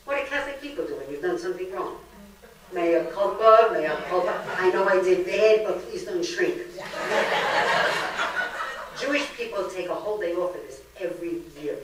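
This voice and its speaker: Recorded from a distance in an echoey library meeting room, this older Brooklyn, New York woman talks briskly in a fairly low voice over noisy surroundings. Her comedic lecture is full of jokes and stories, told with a storyteller's lively energy.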